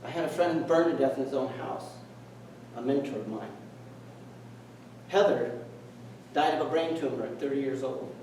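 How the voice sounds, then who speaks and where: A man's voice: mid-range voice, moderate pace, long pauses, darkish tone, a little hiss or hum. A middle-aged man giving a speech at a meeting, telling a personal story in an earnest, reflective way and acting out the dialogue. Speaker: speaker. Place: meeting hall. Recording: echoey room, distant mic.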